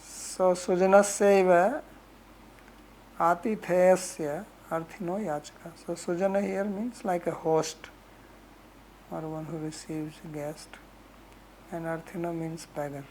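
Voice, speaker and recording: A woman who teaches scripture verses, explaining them slowly with homely examples and frequent "right?" asides. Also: fairly low pitch, steady tone, darkish tone, a little hiss or hum, poor audio. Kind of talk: lecture on Sanskrit verses.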